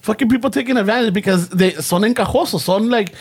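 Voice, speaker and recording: Play a man chatting on a casual podcast, telling a story with plenty of animation. Keep the voice high for a man, drop into Spanish slang mid-sentence and swear freely. Give each quoted person a quick character voice. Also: husky.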